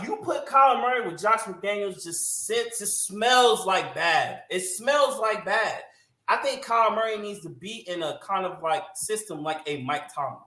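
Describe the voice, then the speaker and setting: This sports podcast co-host is a woman ranting hotly and emphatically, cussing freely in casual conversation. Her medium-pitched voice sounds pushed and bright, and the room is echoey.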